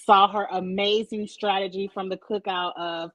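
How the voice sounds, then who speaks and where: A woman's voice: mid-range voice, flat delivery, normal speed, a bit bright, no room sound, rough recording. Woman cohost, chatty and opinionated, slangy, dry close mic. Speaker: podcast co-host. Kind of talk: casual reality-TV chat. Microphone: desk mic.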